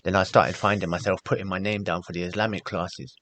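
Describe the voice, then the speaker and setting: A man tells his story as a podcast guest in a low, gravelly voice. He speaks frankly and animates the people he quotes. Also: fast. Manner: candid, animated when recounting, acts out quoted voices. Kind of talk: casual storytelling.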